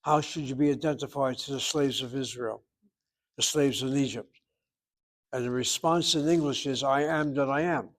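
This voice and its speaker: Guy teaching a hebrew class, mid pitch, punchy, drags words out to make a point. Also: steady tone. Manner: emphatic, talks straight to students, slows down to stress words. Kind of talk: classroom lecture.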